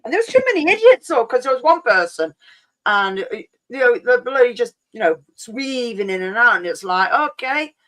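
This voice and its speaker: A woman's voice: on the high side, big pitch swings, brisk, a bit bright. A woman hosting a casual stream chat, chatty and jokey with rambling asides.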